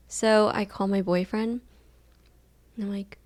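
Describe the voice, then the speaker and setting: A young woman talks through a personal story on her solo podcast, casual and rambling. Her delivery is chill and fairly flat, loose and unhurried, and she leans heavily on "like" as she goes. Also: mid-range voice. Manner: chill, laid-back, monotone delivery; rambling with many fillers like "like". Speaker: podcast host.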